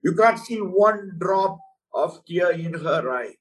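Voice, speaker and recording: Earnest slow-talking male preacher. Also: sits high, animated, recorded from a distance, rough recording. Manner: earnest, emphatic, addresses listener as "my friend". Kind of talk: sermon.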